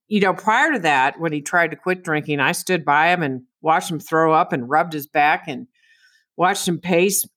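A woman's voice: lowish voice, fairly bright tone, no echo. A woman guest speaking earnestly and reflectively in conversation. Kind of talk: casual conversation.

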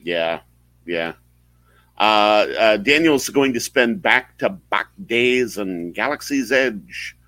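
Deep-voiced man, halting podcast host. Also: animated, pushed and bright, dry recording, rough recording. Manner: halting, many fillers and restarts. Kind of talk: casual live-stream chat.

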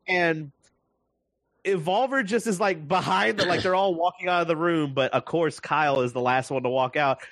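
A man in casual chat recapping a movie, animated and laughing often as he acts out lines. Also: fairly high pitch, moderate pace, no room sound.

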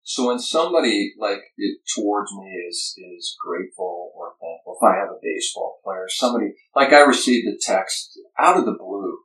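A man, a pastor, speaking as a guest in an earnest, reflective way with frequent halting restarts. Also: on the low side, lively intonation, fairly bright tone. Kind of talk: reflective conversation. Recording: echoey room, distant from the mic.

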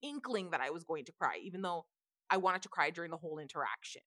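Woman, podcast co-host, candid, emphatic, bright tone, swinging pitch. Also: animated, fast talker, no room sound, clean studio sound. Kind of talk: casual chat.

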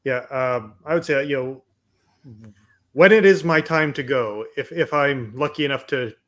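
A man from Canada co-hosting a casual film review podcast, measured with a wry, deadpan humor. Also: mid-range voice. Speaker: podcast co-host.

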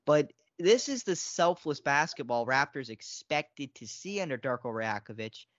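A man co-hosting a casual sports podcast. He is excitable and repeats himself, and his pitch jumps a lot. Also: normal speed, no echo. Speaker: podcast co-host. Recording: dry, dull lo-fi sound.

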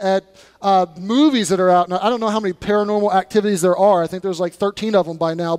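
A man's voice: sits high, darkish tone, clean tone. A male pastor preaching a sermon in an emphatic, conversational way, with blunt warnings. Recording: long reverb of a large room.

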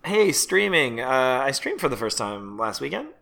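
A man's voice: medium pitch, sing-song, normal speed, gravelly, pushed and bright. A man co-hosting a podcast in casual chat, joking and teasing, often laughing. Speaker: podcast co-host.

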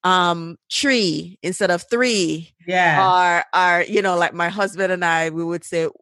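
Jamaican woman telling lively stories. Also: fairly low pitch, normal speed, clear, resonant tone, no room sound, clean studio sound. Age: middle-aged. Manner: lively storyteller, mixes Jamaican and American speech. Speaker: author and interview guest. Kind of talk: casual interview conversation.

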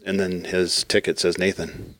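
A man's voice: low voice, moderate pace, dry recording, studio quality. A man co-hosting a podcast, casually retelling comedy bits and acting out the quotes. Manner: animated storyteller acting out quotes, repeats "right". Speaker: podcast co-host.

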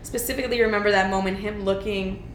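A young woman candidly chatting as a podcast co-host, telling a personal story in an animated, rambling way full of "like". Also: medium pitch, fast, a little hiss or hum. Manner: chatty, frequent "like", animated retelling. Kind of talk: candid casual chat. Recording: echoey room.

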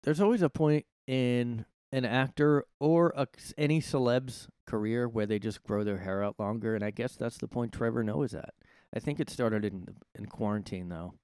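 A man's voice: mid-range voice, moderate pace, a little mellow, clear, resonant tone, dry recording. Man, solo podcast rant, sarcastic, rambling, swears, dry close sound. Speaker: podcast host. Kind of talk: casual solo commentary rant. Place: his own room at home.

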